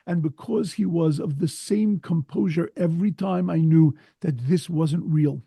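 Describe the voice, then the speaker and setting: Male rabbi, sermon storyteller, husky, dry close sound, earnest and emphatic. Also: fairly high pitch, unhurried, hardly any pauses, warm tone, no room sound.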